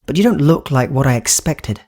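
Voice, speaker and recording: Tough young woman, dry and wry, husky edge, as a male narrator puts her on; audiobook horror. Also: medium pitch, lively intonation, a little fast, darkish tone, voice pushed up.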